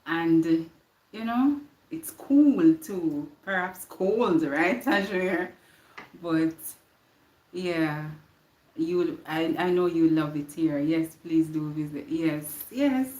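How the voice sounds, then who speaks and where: Jamaican lady chatting on a live stream, slow talker, echoey room, repeats herself a lot. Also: low voice, expressive. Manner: warm, repeats words, greets viewers by name. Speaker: livestream host. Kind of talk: casual live-stream chat with viewers.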